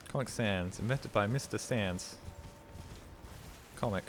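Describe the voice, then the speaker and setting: A man's voice: on the low side, moderate pace, background noise. A man streaming a video game, rambling casually to his chat and swearing freely. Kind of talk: casual gameplay commentary.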